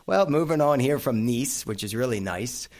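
A man's voice: mid-range voice, animated, moderate pace, darkish tone. A middle-aged man hosting a casual chat, rambling through memories with plenty of fillers and asides. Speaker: host.

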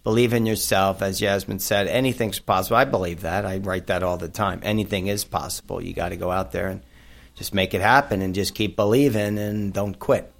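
A man's voice: low voice, fairly even intonation, a little fast, vocal fry. A middle-aged man hosting a radio talk show, upbeat and chatty, often starting lines with "hey". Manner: upbeat, says "hey" a lot, storytelling.

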